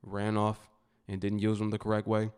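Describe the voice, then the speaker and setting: Blunt low-voiced man commentator. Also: monotone, moderate pace, a little mellow, clean tone. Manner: blunt and mocking. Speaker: commentator reacting to clips. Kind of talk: casual reaction commentary.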